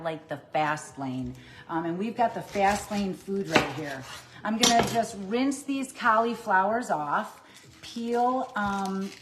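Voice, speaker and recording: A woman's voice: medium pitch, slight background noise. A woman coaching viewers on plant-based eating in a casual cooking livestream, upbeat and chatty while she chops and cooks in a kitchen. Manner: upbeat and chatty, addresses viewers as "you guys"; talks while chopping and cooking.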